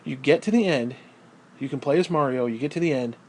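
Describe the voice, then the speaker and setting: A man's voice: medium pitch, a little fast, slight background noise. A man delivering a crude, heated monologue, swearing constantly and repeating phrases for emphasis. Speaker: video creator. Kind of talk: profane ranting monologue.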